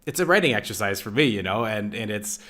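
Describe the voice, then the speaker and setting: A male host in casual interview chat, enthusiastic and quick to laugh. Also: fairly low pitch, expressive, fairly bright tone. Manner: enthusiastic, laughs often, says "man" a lot.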